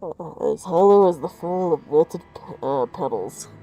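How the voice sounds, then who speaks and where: Muffled grave man as a woman puts him on, low and solemn, slow archaic speech, quiet. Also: expressive. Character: grave, soft-spoken man of a scattered league. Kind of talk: reading game dialogue aloud.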